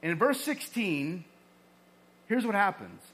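Pastor, male, high bright voice, conversational sermon delivery with lively emphasis. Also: measured pace. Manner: conversational preaching, animated emphasis.

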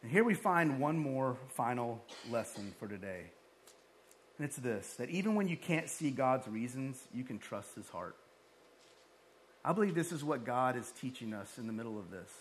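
A male pastor preaching a lively sermon, with joking asides and acted-out quotes. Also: mid-range voice, moderate pace, slight background noise.

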